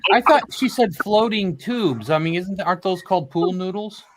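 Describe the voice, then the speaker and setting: A man's voice: high-pitched, normal speed, fairly bright tone. A man co-hosting a casual group video chat, joking and teasing as he talks. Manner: playful, teasing, laughs often. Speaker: co-host. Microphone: video call.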